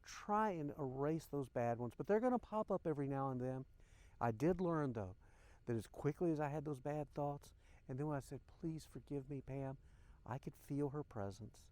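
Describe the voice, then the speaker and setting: A man's voice: on the high side, lively intonation, moderate pace, a little mellow, no room sound. An older man hosting a podcast, speaking in an earnest, emotional personal monologue and addressing listeners directly. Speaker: podcast host.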